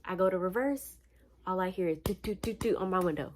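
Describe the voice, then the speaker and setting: A young woman from Florida with a fairly low voice tells a personal story in casual storytime style. She talks animated and slangy, a little tired. Her delivery is chatty and conversational. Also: a little fast, background noise. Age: young adult. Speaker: vlogger.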